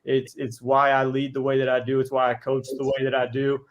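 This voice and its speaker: A man of ordinary pitch tells stories as a podcast guest, earnest and heartfelt. He talks casually, restarting phrases as he goes. His voice sits in a plain middle range. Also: completely flat delivery, a little fast, dull audio. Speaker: guest, college basketball head coach. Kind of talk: casual podcast interview storytelling.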